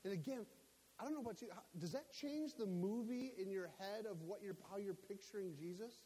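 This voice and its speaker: Emphatic high-voiced preacher in an echoey hall. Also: male voice, a little fast, husky. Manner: emphatic, rising to near-shouts on key points. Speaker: pastor. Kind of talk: sermon. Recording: echoey hall with faint hiss.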